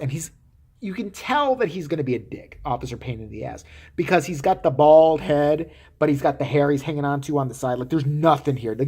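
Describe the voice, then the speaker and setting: A woman's voice: sits low, a little mellow, breathy edge. A woman vlogger giving profane, sarcastic commentary with frequent swearing. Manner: sarcastic, swearing, laughing asides.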